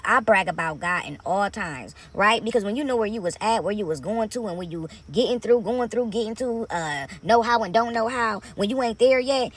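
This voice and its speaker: Her voice is mid-range and fairly bright as this woman, a vlogger, preaches her faith from a parked car. It's casual talk to camera, heavy on repetition and emphasis, with viewers called honey and baby.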